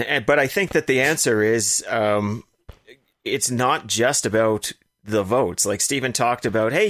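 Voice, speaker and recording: A man talking through political strategy in a casual podcast chat, measured and analytical, with the odd swear word. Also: mid-range voice, fairly bright tone, no room sound, clean studio sound. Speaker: political commentator.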